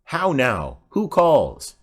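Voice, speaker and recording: A man's voice: mid-range voice, wildly swooping pitch, drawn-out words, slightly rough, pitched above the performer's own voice, exaggerated voice. A man voicing a polite, demure teenage girl in an audiobook play reading.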